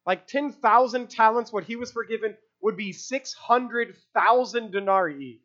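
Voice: medium pitch, a little slow, fairly bright tone, muffled recording. A preacher giving an expository sermon in a conversational way, asking rhetorical questions and using casual fillers.

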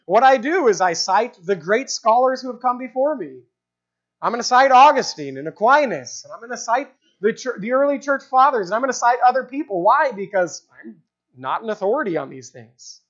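Preacher, expository sermon, explanatory, repeats phrases for emphasis, mid pitch, dull lo-fi recording. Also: a bit bright.

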